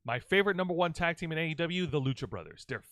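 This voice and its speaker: A man's voice: fairly high pitch, expressive, fast talker, a bit bright, no echo, studio quality. A man co-hosting a wrestling review podcast, chatting casually in a rambling, playful way with frequent restarts. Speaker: wrestling show co-host.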